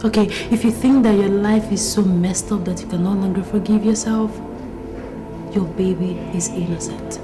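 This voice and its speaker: An actress playing a caring young woman friend who soothes and reassures in a steady, repetitive way. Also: medium pitch, moderate pace, over music, lightly acted. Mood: earnest.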